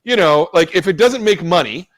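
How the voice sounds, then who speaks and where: A man's voice: high voice, animated, moderate pace, fairly bright tone, no echo. Stammering man host, dry sound. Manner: stammers, repeats words. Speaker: interview host. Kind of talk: casual interview questions.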